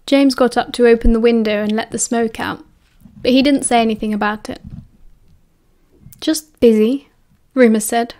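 British female audiobook narrator, steady and expressive, slightly higher voice. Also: brisk, few pauses.

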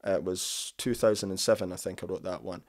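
A man's voice: sits low, fairly even intonation, fairly quick, loud music behind the voice. A middle-aged man, a musician, chatting casually in an interview, rambling and enthusiastic. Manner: rambling and enthusiastic, lots of "you know". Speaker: musician guest.

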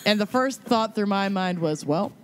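A woman's voice: mid-range voice, normal speed, a little hiss or hum. Joking woman podcaster with a cold. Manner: joking, animated storyteller. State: getting over a cold. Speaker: podcast co-host. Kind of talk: casual chat.

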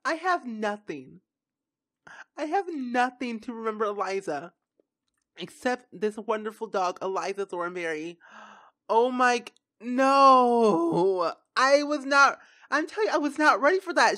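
A young woman casually commenting on her own gameplay, chatty and quick to react. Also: on the high side, expressive, a bit bright. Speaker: gaming YouTuber. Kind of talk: casual let's-play commentary.

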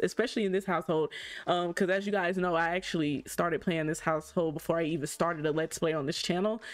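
A woman doing let's play commentary at her desk mic, chatty, excitable and gushing as she talks through her game. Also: lowish voice, dry recording. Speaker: gaming YouTuber.

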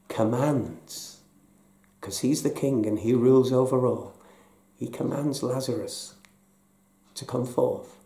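A male pastor delivers a slow, hushed sermon, often sinking to a near whisper. His voice is mellow and dark. The room around him rings with echo. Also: medium pitch. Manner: slow, soft-spoken, dropping to near whispers.

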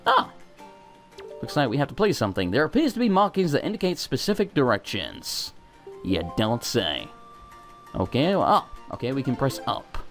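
Brief: young male let's play host, swears a lot, pitch swings wildly, soft game music under him. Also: normal speed. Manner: sweary, self-mocking, excitable. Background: faint game music.

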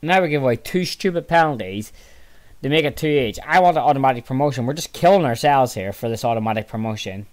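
A tired, yawning man commentating casually on his own football management game, muttering low between excitable outbursts. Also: quick pace. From Northern Ireland. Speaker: gaming channel host.

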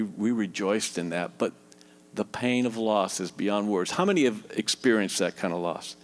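A middle-aged man from Louisiana preaching a tender sermon and leading a closing prayer, his voice dropping soft and low as he prays. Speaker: guest preacher.

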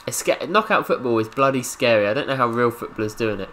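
A young man from England giving casual, jokey commentary over his own football video game, reacting loudly to the play. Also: mid-range voice, animated, fast talker, slight background noise. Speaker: gaming YouTuber.

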